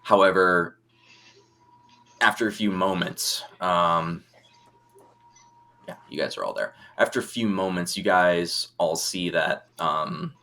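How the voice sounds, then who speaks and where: A man's voice: sits low, slow, long pauses, sharp tone. A man narrating as game master of an online tabletop game, describing scenes with many fillers.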